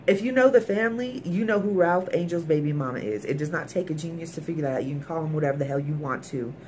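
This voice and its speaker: A woman's voice: low voice, quick pace, a little mellow, a little hiss or hum. A woman recapping a TV episode in a casual, emphatic way, talking straight to her viewers. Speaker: TV episode reviewer.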